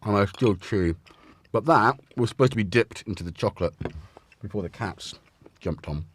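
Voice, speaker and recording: A man's voice: on the low side, moderate pace, slight background noise. A man hosting a casual home livestream, chatting in a rambling way and tripping over his words. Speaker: livestream host. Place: room at home. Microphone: desk mic with headphones.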